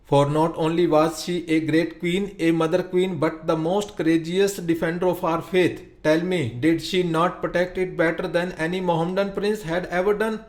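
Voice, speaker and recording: A man's voice: a little high, fairly even intonation, moderate pace, hardly any pauses, darkish tone, natural voice. A man reading the part of an old traditionalist villager giving a solemn speech. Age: older. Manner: solemn, preaching.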